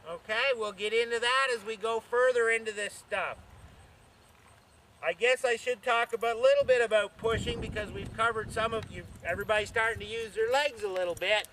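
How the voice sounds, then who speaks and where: A man's voice: high voice, fairly even intonation, brisk, pushed and bright, slight background noise. A man teaching horse riding while on horseback outdoors, counting strides aloud and checking in with his listeners. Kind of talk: instructional talk while riding.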